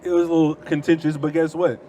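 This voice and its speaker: A man's voice: on the high side, flat delivery, fast, mellow. Confrontational man arguing on a street. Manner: confrontational, dismissive, repeats himself. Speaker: street preacher. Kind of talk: heated street debate. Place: outdoors on a city street.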